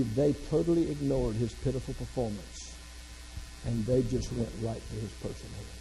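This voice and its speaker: Gravelly folksy man speaker. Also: mid-range voice, mellow, a little hiss or hum, poor audio. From Southern United States. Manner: folksy joking storyteller who talks straight to the audience. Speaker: motivational speaker. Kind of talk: humorous motivational keynote speech.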